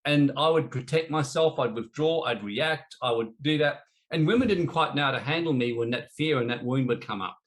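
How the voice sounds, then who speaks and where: A man's voice: fairly high pitch, a bit bright. Earnest man telling a personal story. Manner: earnest and confessional, with playful teasing. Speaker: teacher in an online spiritual debate. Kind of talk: heartfelt personal storytelling in a live discussion.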